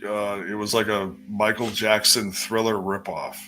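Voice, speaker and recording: A man's voice: on the low side, little pitch movement, a little slow, pushed and bright, a little hiss or hum. A man from Wisconsin co-hosting a casual podcast stream, hesitant and stammering, with a wry humor. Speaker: podcast co-host. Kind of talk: casual live-stream chat.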